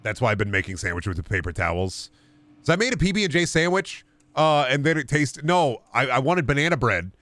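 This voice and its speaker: A man's voice: medium pitch, sing-song, brisk, a bit bright, no echo. A male game streamer talks casually to his chat, riffing on absurd jokes in a loose, rambling way. His voice sits mid-range and swings up and down with animation. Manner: rambling, jokey, riffs on absurd bits.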